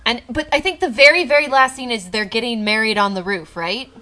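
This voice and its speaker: Female co-host, slightly high bright voice, chatty and laughing. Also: a little fast. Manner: chatty, hedging, laughs easily. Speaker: podcast co-host. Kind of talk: casual chat.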